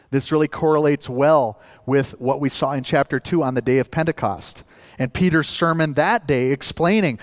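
A man's voice: on the high side, normal speed, big-room sound. A man from northern Minnesota preaching a sermon as pastor, earnest and building up to emphatic points.

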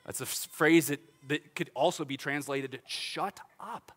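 A middle-aged man, a pastor, preaching a sermon in a church in a casual, animated way, with laughs and restarts. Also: a little high, moderate pace. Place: church sanctuary.

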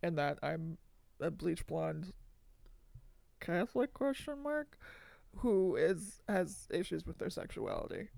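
A woman's voice: fairly low pitch, slow, creaky, pauses often, dry recording, studio quality. A woman co-hosting a podcast, retelling a movie in casual chat with plenty of fillers and some swearing. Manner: chatty, animated retelling, swears, laughs often. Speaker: podcast co-host.

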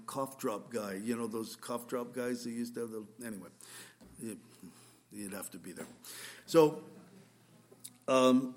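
A male pastor giving a conversational sermon, telling a story earnestly with frequent restarts. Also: medium pitch.

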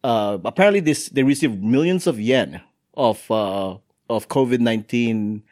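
A man's voice: medium pitch, normal speed, darkish tone. A man hosting a casual podcast chat, joking and laughing a lot, often restarting his sentences. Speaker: podcast host. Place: recorded in Halifax, Canada.

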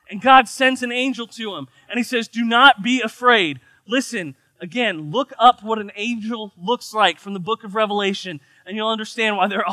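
Male pastor from the United States, high, bright voice, animated and joking, dry close sound. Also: no echo. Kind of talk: sermon.

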